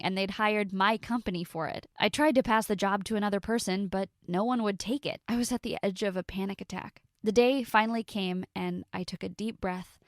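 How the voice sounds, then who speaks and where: A young woman tells her own story in a confessional way, pausing for drama. Her voice carries a steady gravelly fry. The sound is dry and close, with no room echo. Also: mid-range voice. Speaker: narrator. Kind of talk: first-person story narration.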